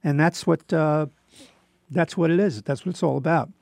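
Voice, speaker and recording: A man's voice: on the high side, moderate pace, vocal fry, darkish tone, no room sound. An older man hosting a recorded radio show, talking in a rambling, casual monologue full of fillers and restarts.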